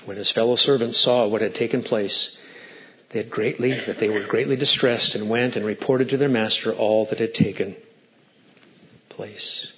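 A man's voice: lowish voice, fairly even intonation, moderate pace, muffled recording. A man preaching a sermon as pastor, emphatic and fond of stacked rhetorical questions.

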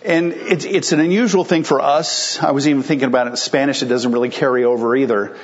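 A man's voice: medium pitch, steady tone, fast talker, highs cut off. A male pastor preaching a sermon in a conversational, explanatory way, asking rhetorical questions and answering them.

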